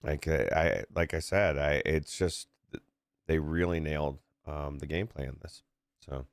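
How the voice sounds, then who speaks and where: A very deep-voiced man co-hosting a casual game review podcast. He stammers and repeats words as he chats. The sound is dry and close. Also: normal speed, gravelly, dry recording. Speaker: podcast co-host.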